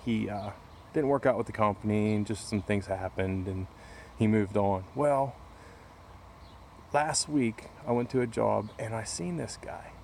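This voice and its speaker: A man's voice: on the low side, unhurried, vocal fry, darkish tone, slight background noise. A man talking casually to camera outdoors in a backyard corner, rambling through a story with many restarts. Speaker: vlogger. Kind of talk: casual chat.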